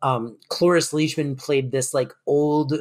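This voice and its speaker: A man's voice: fairly high pitch, steady tone, slow. A man co-hosting a podcast, casually recapping a sitcom episode in a loose, rambling way. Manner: loose and rambling, lots of fillers like "like" and "um". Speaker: podcast co-host.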